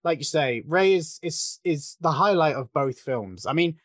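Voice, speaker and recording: A man's voice: fairly high pitch, animated, measured pace, dry recording, studio quality. A man co-hosting a podcast, talking films through in a thoughtful, analytical way with frequent restarts. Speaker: podcast co-host discussing a film. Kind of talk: casual film discussion.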